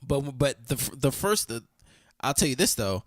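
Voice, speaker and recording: A young man co-hosting a podcast in casual chat, telling a story with lively energy, acting out quoted lines, and laughing often. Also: mid-range voice, moderate pace, dry recording, clean studio sound. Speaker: podcast co-host.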